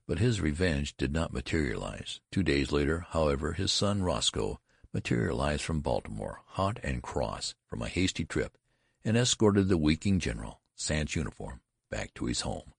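A man narrating an audiobook with slow, deliberate storytelling. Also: a bass voice, sing-song, vocal fry, husky, no room sound, studio quality.

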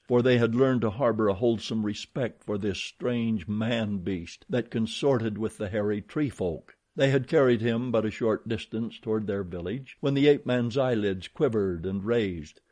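A man reading an adventure story aloud in a measured, dramatic storytelling manner. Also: on the low side, darkish tone. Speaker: audiobook narrator. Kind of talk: scripted narration.

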